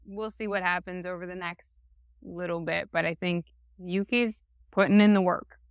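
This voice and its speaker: A woman's voice: on the low side, steady tone, moderate pace, clean tone, dry recording, clean studio sound. A woman co-hosting a sports podcast, chatting casually and drawing out her points with many fillers. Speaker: podcast co-host.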